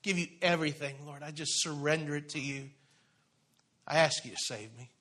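A man preaching in church, telling his own conversion story, moving from hushed confession to loud, fervent exhortation. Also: on the high side, moderate pace. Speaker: preacher sharing testimony. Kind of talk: sermon testimony. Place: church sanctuary.

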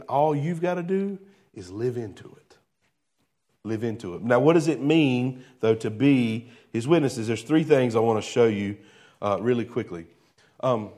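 Here a male pastor delivers his sermon as if talking with the congregation, tossing out rhetorical questions. On the key lines, he lets his voice drop soft and low.

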